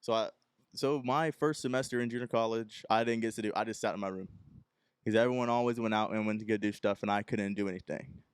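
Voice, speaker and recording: A young man from Texas tells a long anecdote on his solo podcast. His voice sits low and sounds smooth and resonant, and he jumps into the voices of the people in his story. The sound is close and dry, with no room in it. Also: steady tone, fast talker, no echo. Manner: rambling anecdote, acting out the people he quotes. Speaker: podcast host.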